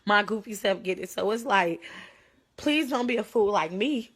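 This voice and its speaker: A young woman talks straight into her phone on a livestream. Her voice is urgent and pleading, close to tears at times, and sits at an ordinary middle pitch. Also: expressive, normal speed, fairly bright tone, husky. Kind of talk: emotional livestream plea.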